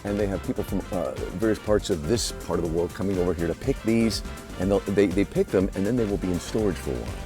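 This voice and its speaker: Male travel host, lower voice, jokey banter, outdoors, music under the track. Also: fast. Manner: jokey, laughs easily. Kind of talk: casual on-camera travel banter. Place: outdoors on location.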